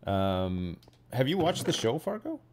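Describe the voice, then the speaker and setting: Over slight background noise, a man in his thirties hosting a game stream chats casually in a mid-range, sing-song voice without hurrying. His rambling talk is full of hedging, fillers and tag questions as he plays.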